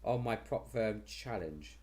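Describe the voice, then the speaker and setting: A man's voice: fairly low pitch, animated, slow pace, a little mellow. Chatty man hosting a stream. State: losing his voice. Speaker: host. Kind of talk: casual live stream chat.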